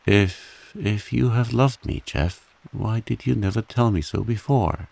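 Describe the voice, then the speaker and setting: A man voicing a proud, heartbroken woman who steadily confesses her long love, in a soft bedtime reading. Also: on the low side, measured pace, vocal fry, voice pushed up. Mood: steady, tender. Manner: steady, dignified, softly spoken.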